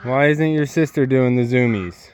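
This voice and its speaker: A man vlogging from his homestead, talking softly and worriedly to a sick goat at the pen. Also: medium pitch, moderate pace, smooth. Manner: soft, worried, talks gently to his goats. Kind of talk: casual vlog with animals.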